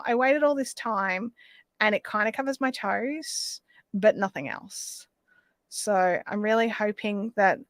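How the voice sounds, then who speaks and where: A woman's voice: a little high, fairly bright tone, no room sound. An Australian woman hosting a live craft stream, chatting casually and rambling as she reads out viewer comments.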